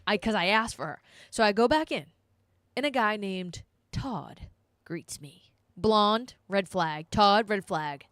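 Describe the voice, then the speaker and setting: A woman streamer telling a story to her live chat in a casual, animated way, swearing freely and sounding exasperated. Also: medium pitch, slow pace, no echo.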